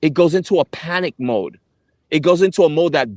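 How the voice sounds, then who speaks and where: Young male travel vlogger, earnest confessional storyteller, slightly high voice, dry close recording. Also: lively intonation, fairly quick, a little mellow, no echo. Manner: earnest, emphatic, repeats himself. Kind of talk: personal storytelling to camera.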